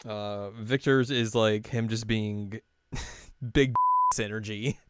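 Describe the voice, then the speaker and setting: A man's voice: lowish voice, steady tone, slow, fairly bright tone, a little hiss or hum. A man co-hosting a podcast in casual chat, joking and laughing often as he retells scenes. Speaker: podcast co-host.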